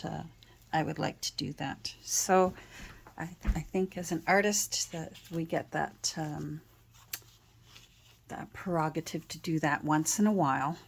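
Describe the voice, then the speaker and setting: Soft-spoken woman showing handmade journals. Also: lowish voice. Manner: gentle, meandering, frequent ums and uhs. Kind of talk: casual show-and-tell narration.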